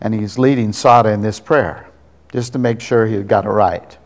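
A man's voice: lowish voice, steady tone. Earnest male preacher in a reverberant hall. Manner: earnest, slows down to stress key words. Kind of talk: sermon storytelling. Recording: long reverb of a large hall.

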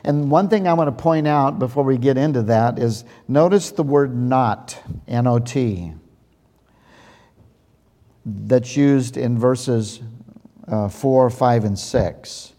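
A man preaching a sermon as pastor, reading and explaining slowly and deliberately, stressing key words. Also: medium pitch, mellow. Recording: long hall reverb.

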